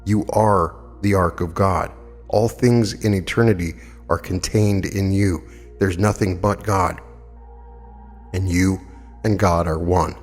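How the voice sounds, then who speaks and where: A man in his fifties with a very low voice delivers a spiritual lecture, earnest and emphatic, leaning on stories and rhetorical questions. The archival recording carries a long hall reverb, with faint music underneath. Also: steady tone, slow pace. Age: 50s. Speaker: metaphysical lecturer.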